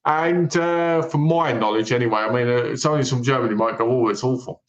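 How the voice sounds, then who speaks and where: A man's voice: medium pitch, fairly quick, highs cut off. Man with an echoey podcast sound. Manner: lively retelling of plots, acting out characters' lines. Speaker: podcast co-host. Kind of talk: casual film review chat. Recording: echoey room.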